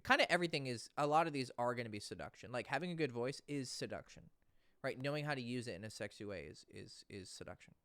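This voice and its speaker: A man's voice: mid-range voice, lively intonation, quick pace, a bit bright, dry recording. Male dating coach, casual, blunt, plain mid-range voice, dry sound. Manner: blunt, casual, swears, reads out viewer questions. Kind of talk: casual livestream talk.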